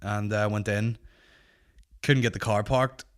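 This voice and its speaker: A man's voice: on the low side, unhurried. Sweary Northern Irish man telling stories. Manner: sweary, rambling, animated. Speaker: comedy podcast host. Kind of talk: casual storytelling.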